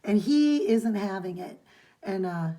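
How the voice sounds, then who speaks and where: With a crowd audible in the background, a woman co-hosting a podcast gives an animated, rambling recap of a comic's plot at a measured pace. Her voice is mid-range, and she reads dialogue aloud as she goes.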